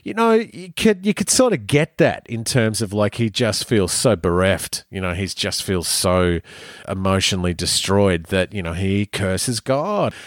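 Young guy cohosting a podcast, jokey and slangy, lowish voice, dry close sound. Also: unhurried, no echo. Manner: animated, jokey, slangy banter. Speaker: podcast co-host. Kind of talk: casual chat.

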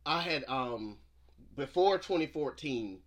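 A man in his thirties hosting a casual faith podcast, telling stories with animated energy and encouraging his guest. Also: medium pitch, slow pace. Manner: animated storyteller, lively laughs, encouraging affirmations. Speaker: podcast host. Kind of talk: casual chat.

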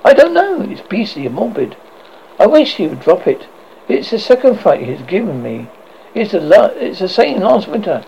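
A man's voice: high-pitched, sing-song, normal speed, gravelly, darkish tone, highs cut off, slight background noise, heavily acted. A man voicing a worried young male student in a horror story reading, fretful and exasperated.

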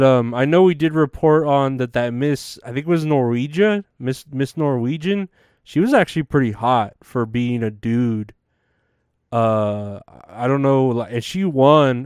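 A man's voice: mid-range voice, a little mellow, clean tone, dry recording, studio quality. A man hosting a comedic news monologue, rambling and crude with plenty of fillers and restarts. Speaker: comedy show host.

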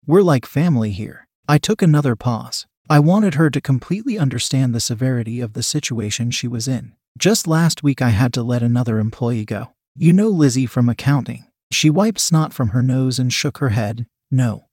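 A man reads a first-person story aloud in a measured, sardonic tone. His voice sits at an ordinary pitch, and the sound is dry and close. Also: animated, a little mellow, no room sound. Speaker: narrator.

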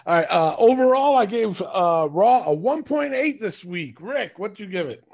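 A man's voice: sits high, animated, normal speed, gravelly, a little mellow. A man co-hosting a podcast in casual chat, rambling and swearing freely, often laughing. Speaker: podcast co-host.

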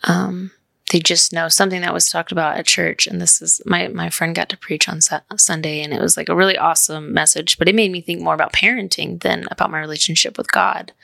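Hosting a heartfelt podcast conversation, a thirtysomething woman speaks fairly quickly in a steady tone, with no echo. Her voice is low yet rather bright, gravelly with fry, and her earnest talk meanders through stories.

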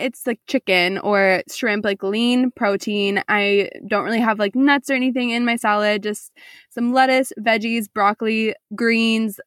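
A young woman hosting a podcast in casual chat, animated and teasing, often laughing as she tells stories. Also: a little high, no echo, studio quality. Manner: animated, giggly, teasing storyteller. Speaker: podcast host.

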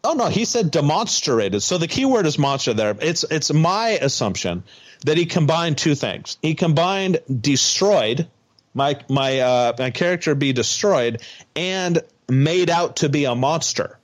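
A man's voice: on the high side, a little slow. Man co-hosting a casual podcast. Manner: animated storytelling, acts out quotes. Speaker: podcast co-host.

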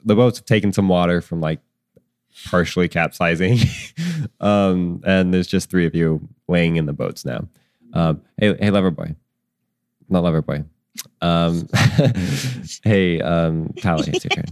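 Low, slow-talking male dungeon master. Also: a little mellow, no room sound, studio quality. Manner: rambling, many ums, laughs at himself. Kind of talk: running a tabletop game, casual.

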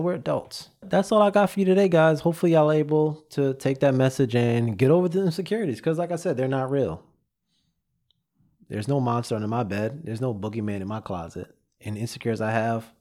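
A podcast host with a warm, medium-pitched voice delivers a casual, repetitive motivational monologue directly to his audience over a studio mic. He's slightly winded as he talks.

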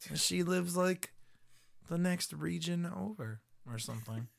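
A man hosting a podcast, giving a profane, animated comedic episode recap and laughing often. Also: high voice, unhurried, creaky. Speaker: podcast host.

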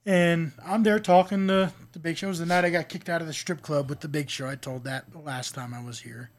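A man's voice: fairly high pitch, fairly even intonation, brisk. A man guesting on a podcast, telling backstage stories from his wrestling past in a rambling, profane, laughing way. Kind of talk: casual storytelling chat.

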